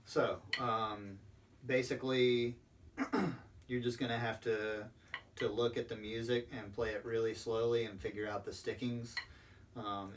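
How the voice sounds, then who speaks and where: A man explaining drum rudiments step by step as a percussion instructor, patient and sprinkling in ums. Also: medium pitch. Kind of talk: recorded instructional lesson. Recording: distant mic with faint background noise.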